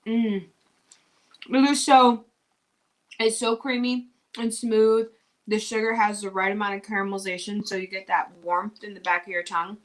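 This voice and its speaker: A woman's voice: medium pitch, little pitch movement, moderate pace, pauses often. A woman from Missouri co-hosting a casual unboxing livestream, gushing enthusiastically about food. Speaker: livestream co-host.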